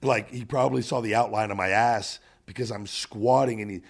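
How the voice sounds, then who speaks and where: A man's voice: lowish voice, fairly quick, gravelly, husky. Profane man telling gym stories. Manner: profane, animated storytelling. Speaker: podcast host. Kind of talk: casual podcast chat.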